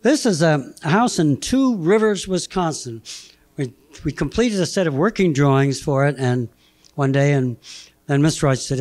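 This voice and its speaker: Brief: elderly man, eighties, halting and chuckling, fairly high voice. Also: a little mellow. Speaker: guest speaker presenting slides. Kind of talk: anecdotal lecture.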